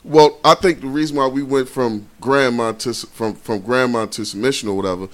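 A middle-aged man on a radio panel who talks quickly in a relaxed, colloquial way. He likes to tell stories from his own life. His voice sits in a middle register. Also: medium pitch. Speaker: radio talk show panelist. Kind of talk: casual radio discussion.

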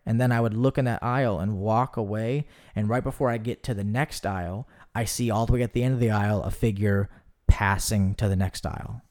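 Young guy on a podcast, kinda low voice, rambly, tons of "like"s, gets animated telling stories. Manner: rambling, filler-heavy, animated storytelling. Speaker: podcast guest. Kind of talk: casual chat.

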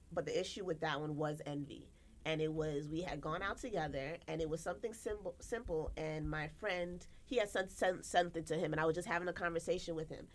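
A young American woman, a podcast co-host, telling stories in casual chat and acting out quotes with big jumps in her voice. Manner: animated, acts out quotes with big pitch jumps.

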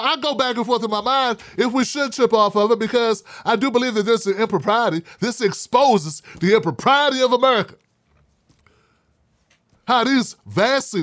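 A man's voice: very high-pitched, fairly bright tone, dry recording, studio quality. A man hosting his own online commentary show, talking in a sarcastic, mocking and profane way. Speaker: independent media commentator.

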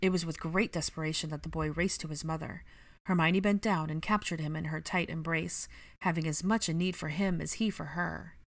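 A woman narrating a story in a gentle, even storytelling manner. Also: low-pitched, fairly quick, dry recording. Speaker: reader. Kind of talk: audiobook narration of fan fiction.

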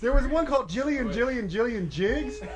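A man's voice: extremely high pitch, animated, normal speed, a crowd in the background. A man telling a story in a loose, casual way, laughing as he talks. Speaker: comedy show cast member. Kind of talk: casual chat.

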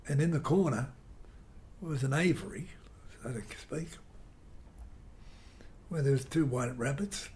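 An older man telling a rambling, animated story in an interview. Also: mid-range voice, unhurried, long pauses. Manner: rambling, animated storyteller who mimics guitar sounds. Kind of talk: reminiscing anecdote.

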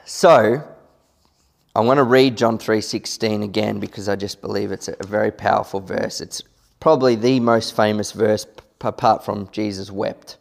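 Male preacher, low gravelly voice, earnest sermon delivery with casual asides. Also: steady tone. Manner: earnest, emphatic, slows down to stress key words; loose and conversational, with small asides.

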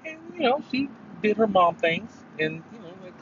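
A man's voice: high-pitched, lively intonation, moderate pace, hardly any pauses. A man hosting a casual solo podcast, rambling and swearing, with sudden emphatic bursts. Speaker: podcast host. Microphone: headphones mic. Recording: dull lo-fi sound with faint noise.

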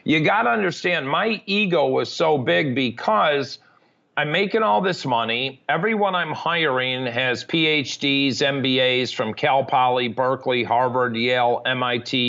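In a candid podcast interview, a recovery advocate shares his life story in a frank, matter-of-fact way. He talks at a moderate pace with a medium pitch, some vocal fry, and a slightly bright tone, captured on lo-fi audio.

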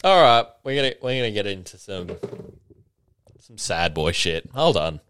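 A man's voice: lowish voice, sing-song, normal speed, fairly bright tone, slight background noise. A man hosting a casual solo podcast, ranting with swearing and mocking impressions, a bit tipsy. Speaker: podcast host.

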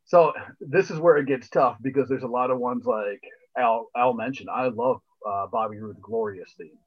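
A man's voice: medium pitch, moderate pace, lo-fi sound. A man co-hosting a podcast in casual chat, laid-back and repeating phrases while he thinks. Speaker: podcast co-host.

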